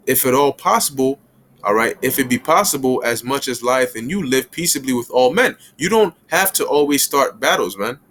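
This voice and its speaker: Male Bible teacher, mid-pitched, loose street-slang delivery with acted asides. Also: expressive, a bit bright, a little hiss or hum. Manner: casual street slang, acts out little scenes with quick voices.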